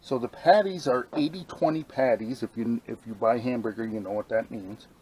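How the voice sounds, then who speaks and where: A man's voice: mid-range voice, moderate pace, darkish tone, breathy edge, low-quality recording. A man casually reviewing a camp meal he is cooking, rambling and enthusiastic, and talking as he eats. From New York state. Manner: enthusiastic, rambling, talks while eating. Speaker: outdoor vlogger. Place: outdoors at a campsite.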